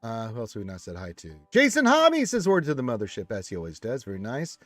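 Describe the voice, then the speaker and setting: A man's voice: medium pitch, huge pitch swings, quick pace, fairly bright tone, dry recording, soft background music. A man hosting a casual live stream, reading viewer comments aloud and chatting back from a room full of action figures.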